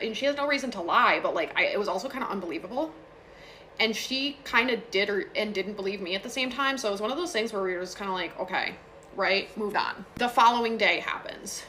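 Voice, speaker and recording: Young woman, bright voice, casual ghost-story teller, faint hiss, phone video. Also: medium pitch. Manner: chatty, frequent fillers and asides.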